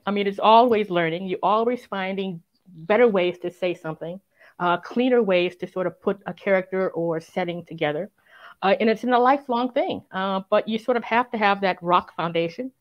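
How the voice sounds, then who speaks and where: A woman who is a crime writer, speaking as an interview guest, reflective and earnest, often filling pauses with "um" and "sort of". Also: medium pitch, highs cut off. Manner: reflective and earnest, many fillers and "sort of" hedges. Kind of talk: conversational interview.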